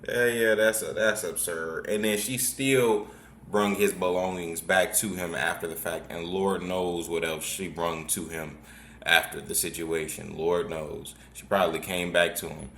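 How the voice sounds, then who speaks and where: A man hosting a show, giving relaxed, wry commentary on story clips he has played. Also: low-pitched, measured pace, a little hiss or hum. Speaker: host. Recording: echoey room.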